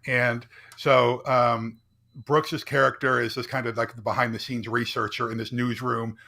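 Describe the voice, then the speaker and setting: A middle-aged man, a business founder and keynote speaker, tells a candid personal story in a podcast interview, earnestly building momentum and checking in often with a rhetorical "right?". His mid-range voice is gravelly, pushed and bright, with a level tone and moderate pace.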